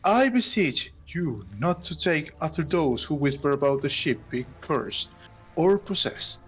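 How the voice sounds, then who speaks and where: A man's voice: on the high side, animated, measured pace, faint music behind, low-quality recording. A man voicing a cautious, respectful older male seneschal, pleading earnestly with his captain.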